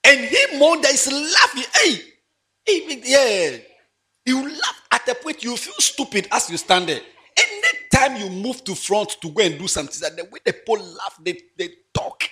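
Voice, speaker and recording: A man preaching in church, playful and animated, laughing often and swinging from loud exclamations to quiet asides. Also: extremely high pitch. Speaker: pastor. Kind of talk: lively sermon.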